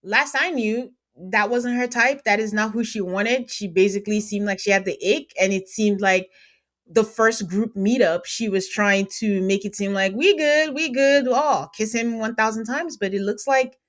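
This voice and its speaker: A woman's voice: medium pitch, moderate pace. A woman hosting a podcast, chatting casually and acting out quotes with lots of laughter. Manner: animated, laughing, acts out quotes. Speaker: podcast host. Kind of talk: casual recap chat.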